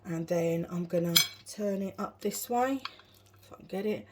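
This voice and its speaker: A woman vlogger chats casually through each step of her cooking in her home kitchen, laughing at herself along the way. Her voice is lowish at a moderate pace, with dishes and cutlery clattering in the background.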